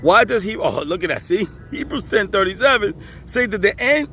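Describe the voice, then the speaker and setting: A man's voice: on the high side, sing-song, fast talker, a bit bright, slight background noise. A man teaching scripture in a casual video, repeating his points with emphasis and chuckling often. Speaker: religious teacher.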